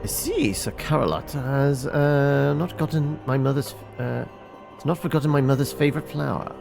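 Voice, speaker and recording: A man's voice: mid-range voice, moderate pace, gravelly, music in the background, pitched above the performer's own voice, lightly acted. A man voicing a proud, anxious young noble lord in a fantasy game, with lofty, formal diction and some stumbles. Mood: courtly.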